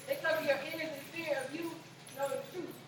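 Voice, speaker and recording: A woman's voice: high-pitched, steady tone, a little fast, lightly acted. A woman poet giving voice to her own hair as a proud, defiant speaker, declaiming indignantly. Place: live poetry venue indoors. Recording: echoey room from far off, noisy.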